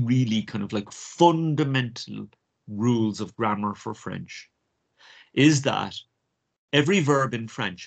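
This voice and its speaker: A middle-aged man with an Irish accent, teaching an exam prep lesson and repeating phrases slowly for pronunciation. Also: mid-range voice, vocal fry. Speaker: French teacher.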